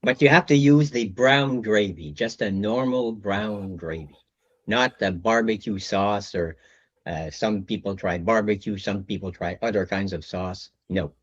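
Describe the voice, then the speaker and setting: A man's voice: lowish voice, unhurried, dry recording. A Canadian man on a panel video call, talking in an insistent, persuasive way. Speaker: panel guest. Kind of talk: casual chat on a video call. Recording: dull lo-fi call audio.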